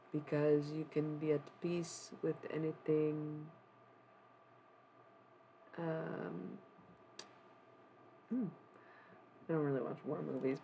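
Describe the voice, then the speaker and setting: A woman with a deep, gravelly voice chats casually on a live stream. She rambles and muses aloud, swearing freely as she goes. There is a faint hiss of background noise. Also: mellow, poor audio. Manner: rambling, profane, musing aloud.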